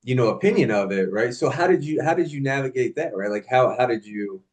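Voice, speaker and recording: A man co-hosting a podcast who asks a question in a halting, casual way, with many fillers and restarts. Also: mid-range voice, lively intonation, darkish tone. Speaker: podcast co-host. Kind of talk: casual conversation.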